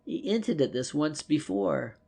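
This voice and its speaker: A man's voice: fairly high pitch, expressive, measured pace, vocal fry, warm tone, breathy edge, exaggerated voice. A man doing a sly grumbling petty thief. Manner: coarse, aggrieved.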